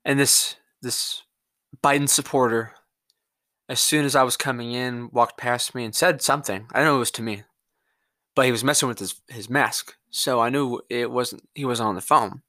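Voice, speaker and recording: A man's voice: medium pitch, normal speed, bright, forceful tone, no echo, studio quality. Angry Mississippi-accented man ranting. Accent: Southern US, Mississippi. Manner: angry, profane, rambling with restarts. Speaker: podcast host. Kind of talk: political rant monologue.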